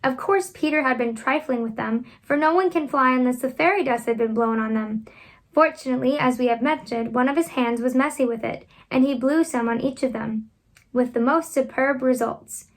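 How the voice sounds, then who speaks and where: A woman reading a children's classic aloud at home, expressive and animated, lifting her voice for the children's lines. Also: high voice, moderate pace. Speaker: reader.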